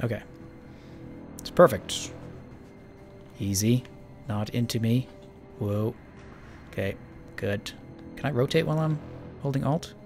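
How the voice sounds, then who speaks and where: This gaming channel host's voice sits on the low side, darkish in tone with vocal fry. He rambles casually through let's-play commentary on a space building game, joking about himself.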